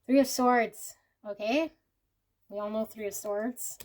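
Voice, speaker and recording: A woman's voice: mid-range voice, steady tone, takes it slowly, a little mellow. Earnest woman giving a tarot reading. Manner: earnest, emotional, talks straight to viewers. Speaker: tarot reader. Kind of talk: intuitive pick-a-card tarot reading.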